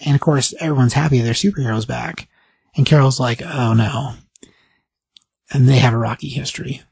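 A man's voice: medium pitch, vocal fry, husky, dry recording. A man hosting a podcast, casually and animatedly recapping a comic book and acting out the dialogue. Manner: animated storytelling, acting out dialogue in quick voices. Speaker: podcast host.

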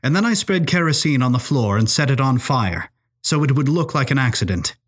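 A man voicing a steely, defiant young girl who speaks firmly and evenly, with a husky voice. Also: medium pitch, fairly quick. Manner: firm, even delivery.

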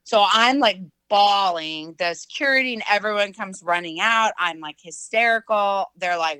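A middle-aged woman telling a personal story in casual chat, full of fillers and lively quoted voices. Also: fairly low pitch, normal speed, clean tone, no room sound, poor audio. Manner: chatty, filler-heavy, animated quoting.

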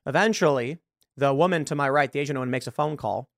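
A man's voice: mid-range voice, fast, vocal fry, no echo, clean studio sound. A man hosting a podcast, telling a long story and acting out the dialogue. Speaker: show host. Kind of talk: podcast monologue.

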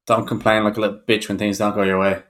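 Male co-host, lowish voice, dry and blunt, casual profanity. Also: little pitch movement, fast, fairly bright tone. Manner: blunt and wry, swears. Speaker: podcast co-host. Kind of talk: casual chat.

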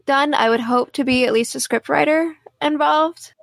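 Gravelly-voiced woman author chatting. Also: high-pitched, normal speed, no room sound. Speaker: author, podcast co-host. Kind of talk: casual chat.

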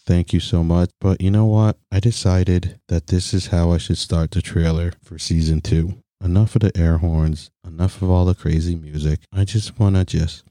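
A man hosting his podcast, talking casually in a flat, deadpan way from a closet at home. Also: deep voice, moderate pace, hardly any pauses, no echo, clean studio sound. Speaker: podcast host. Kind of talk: casual podcast trailer talk.

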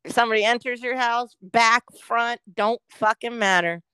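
A woman with a fairly high voice co-hosts a casual podcast. She is laid-back and profane and laughs often, recorded in a dry room. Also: normal speed, sharp tone, clean tone, no room sound, poor audio. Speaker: podcast co-host. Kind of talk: casual chat.

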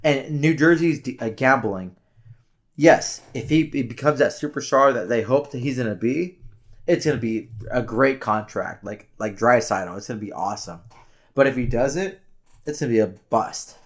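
Halting, rambling man talking hockey. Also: mid-range voice. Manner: rambling, halting, many restarts. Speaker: podcast co-host. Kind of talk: casual sports chat.

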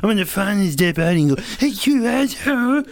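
Brief: man putting on a higher-pitched creepy unhinged loner, crude rambling threats. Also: big pitch swings, fairly quick, vocal fry, background noise, full character voice. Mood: ranting.

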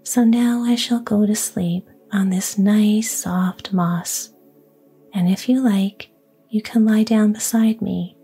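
A hungry but kindly storybook lion, whispered by a woman in a whispered role-play. The voice is a breathy, mellow hush, unhurried, over faint music. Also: medium pitch, fairly even intonation, full character voice. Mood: gruff. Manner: whispered, hushed.

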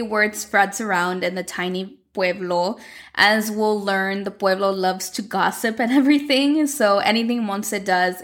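A woman's voice: mid-range voice, fairly bright tone. A young woman casually recapping a soap opera plot, chatty and full of "like", retelling the scenes. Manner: chatty, lots of "like", retells the dialogue. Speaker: telenovela recapper.

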